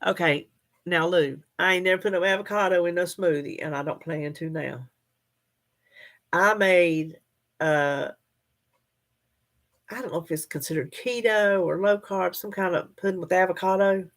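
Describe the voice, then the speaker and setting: A woman's voice: on the low side, normal speed, long pauses. A woman hosting a casual livestream, chatting folksily with viewers and laughing often. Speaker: livestream host. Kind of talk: casual live chat reading comments.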